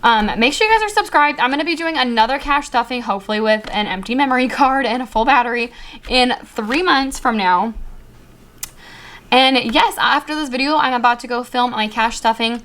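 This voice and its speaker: A young woman vlogging casually about her savings, counting bills aloud in a quick murmur and chatting in a flustered, excited way. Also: on the high side. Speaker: budgeting vlogger.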